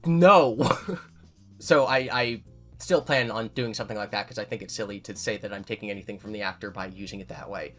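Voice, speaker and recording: A man's voice: fairly low pitch, fairly even intonation, fast talker, fairly bright tone, soft background music. A man hosting his own channel, answering viewer questions in casual chat and thinking aloud with frequent restarts.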